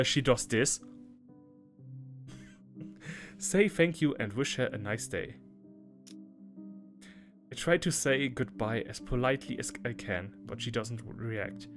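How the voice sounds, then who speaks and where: A man hosting a let's play, reading game text aloud and breaking into loud, laughing asides. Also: mid-range voice. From Germany. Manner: laughs often, bursts into loud playful reactions between calm read-outs. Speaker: gaming channel host. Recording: game music clearly behind the voice.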